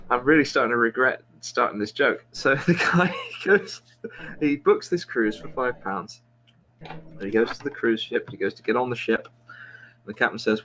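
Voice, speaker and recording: A man's voice: mid-range voice, animated, normal speed, fairly bright tone, a little hiss or hum. A man, a podcast host, telling a long joke in a rambling, self-mocking way with many restarts.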